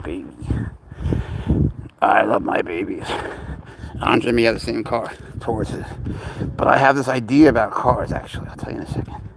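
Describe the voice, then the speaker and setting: A man with a New York accent talks casually on a livestream, rambling from one thought to the next. He slips into soft, cooing baby talk whenever he turns to his cats. His pitch sits in a middle range for a man. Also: creaky, slight background noise. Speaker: pet owner livestreaming. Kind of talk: casual live stream chat.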